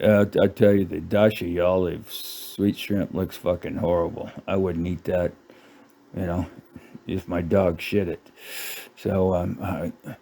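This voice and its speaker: Gravelly sarcastic man ranting, slow. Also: low-pitched, warm tone. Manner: sarcastic, profane, laughing at his own jokes. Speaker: channel host. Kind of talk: casual ranting commentary.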